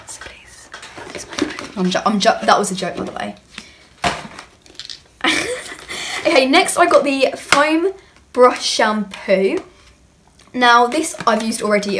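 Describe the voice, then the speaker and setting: A young woman chatting through an unboxing as a beauty vlogger, bubbly and rambling as she gushes. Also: mid-range voice. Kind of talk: casual unboxing chat. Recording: clear background noise with clicks.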